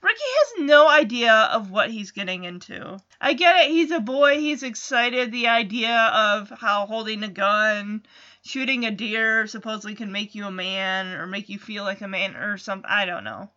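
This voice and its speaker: A woman's voice: medium pitch, expressive, normal speed, sharp tone, lo-fi sound. A woman hosting a casual recap, retelling a TV episode with chatty asides, tangents and self-corrections. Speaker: podcast host recapping a TV episode.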